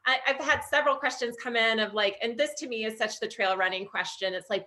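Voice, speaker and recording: A woman hosts a casual interview and reads out questions from the audience. Her voice is bright and sharp, and her tone stays friendly, with plenty of "um" and "like". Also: fairly high pitch, moderate pace. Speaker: host of a book club interview.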